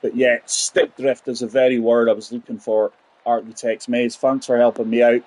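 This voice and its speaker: A man in his forties hosts a gaming channel, giving chatty, rambling commentary as he plays a golf video game and talks to his viewers. His mid-range voice has a darkish tone and stays level at a moderate pace.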